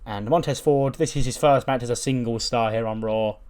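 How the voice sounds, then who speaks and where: A man's voice: mid-range voice, steady tone, brisk, darkish tone, clean tone. A man casually recapping a wrestling sim game, with plenty of fillers and swearing. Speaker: game channel host. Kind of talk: casual let's-play commentary.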